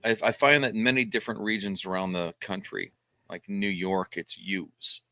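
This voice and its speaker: A man's voice: on the low side, a little fast, bright, forceful tone, no echo. A man, a bit tipsy from whiskey, rambling and stammering as a guest in a casual live stream chat.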